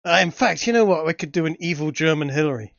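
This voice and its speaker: A man chatting casually as a podcast co-host, animated and quick to laugh. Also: fairly high pitch, vocal fry, no room sound. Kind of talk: casual chat. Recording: dry, dull lo-fi audio.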